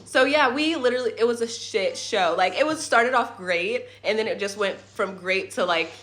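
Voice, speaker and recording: A young woman telling a rambling, animated story about her family's trip in a casual vlog at home, with swearing and side remarks. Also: medium pitch, moderate pace. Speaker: family vlogger. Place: at home in a rental apartment.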